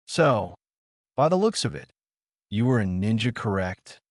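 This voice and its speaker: A man voicing a soft-spoken, polite young female ninja in a fan fiction reading. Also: fairly low pitch, very animated, a little slow, no room sound, clean studio sound. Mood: gentle.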